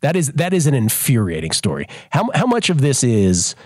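A male podcast host in casual studio chat, mid-pitched, talking in an animated and exasperated way with frequent restarts. His voice is close and dry, with no room sound. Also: moderate pace, no room sound. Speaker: sports betting show host.

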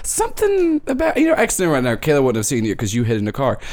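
A game master voicing a nervous young kid who blurts out rushed, flustered excuses. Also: medium pitch, huge pitch swings, darkish tone, slight background noise.

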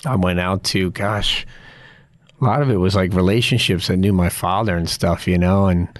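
A middle-aged man who once played college soccer speaks earnestly in an interview, reflecting in a drawn-out way and leaning heavily on "you know" as filler. His voice is low, with no echo.

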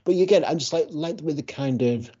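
A man's voice: a little high, quick pace, mellow, breathy edge, dull audio. A man co-hosting a podcast in casual chat, eager and loose, with trailing sentences full of fillers. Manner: enthusiastic, with many likes and trailing sentences. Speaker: podcast co-host.

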